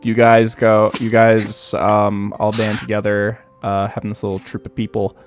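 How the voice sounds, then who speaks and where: A man's voice: fairly low pitch, monotone, moderate pace, soft background music. A young man narrating as game master, loose and rambling, often laughing.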